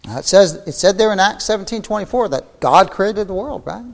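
A man preaching a fervent sermon, reading scripture aloud, his voice climbing high and then falling to near-whispers. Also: lively intonation, brisk, creaky, big-room sound. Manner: fervent preaching, soaring then dropping to a hush.

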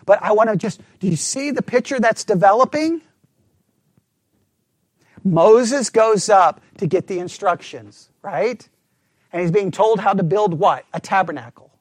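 A man delivering a sermon with emphasis, putting rhetorical questions to his listeners and sometimes dropping to a hushed, low delivery. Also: a little slow, no room sound, studio quality. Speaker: preacher.

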